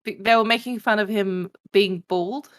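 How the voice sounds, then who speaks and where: A woman's voice: mid-range voice, fairly even intonation, normal speed. A woman co-hosting a casual podcast, chatting with wry, dry humor. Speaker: podcast co-host.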